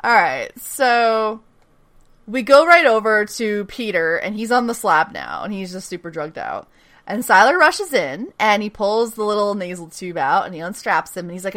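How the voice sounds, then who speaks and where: A woman's voice: medium pitch, expressive, normal speed, fairly bright tone. A woman co-hosting a casual rewatch podcast, chatty, swearing freely and laughing often as she recaps scenes. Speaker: podcast co-host recapping episodes.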